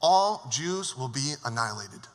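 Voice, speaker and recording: A man preaching a sermon as worship leader, telling the story in a lively, joking way. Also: medium pitch, measured pace. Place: church sanctuary. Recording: long church hall reverb.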